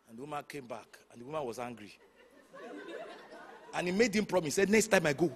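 Animated man preaching. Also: fairly high pitch, fast talker, long pauses, slightly rough, some chatter behind. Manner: animated storytelling with sudden shouts and hushed asides. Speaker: pastor. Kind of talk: sermon.

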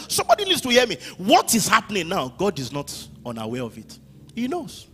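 Male pastor, sermon, high bright voice, lively swings from quiet to shouting, faint music behind. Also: fairly quick. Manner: impassioned preaching, swings from hushed to shouting.

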